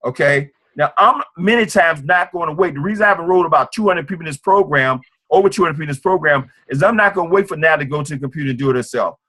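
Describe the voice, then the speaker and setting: A man giving an informal sales training talk, fast and acting out sales calls. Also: fairly high pitch, bright, forceful tone. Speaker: network marketing trainer.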